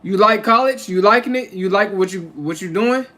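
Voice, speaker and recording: A man's voice: sits high, normal speed, bright, forceful tone. A man hosting a casual livestream from home, rambling and repeating himself as he restarts his phrases. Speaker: livestream host.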